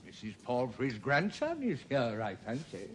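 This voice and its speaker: An actor playing a gossipy elderly gentleman with a fussy, mannered way of speaking. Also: mid-range voice, wildly swooping pitch, measured pace, slight background noise.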